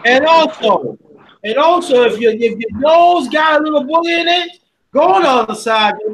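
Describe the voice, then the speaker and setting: This is a man with a very high voice that has a bright, cutting edge. He hosts a casual livestream panel and talks in an animated, slangy way. A faint hiss sits under his voice. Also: moderate pace, poor audio. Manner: animated, scolding and joking, slangy.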